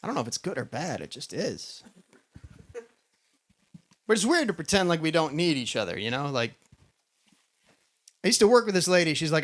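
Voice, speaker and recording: A man's voice: a little high, very animated, moderate pace, long pauses. A man performing a stand-up set in a live venue, talking casually and profanely, slipping into mock voices. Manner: profane, conversational, does mock voices of others. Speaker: stand-up comedian.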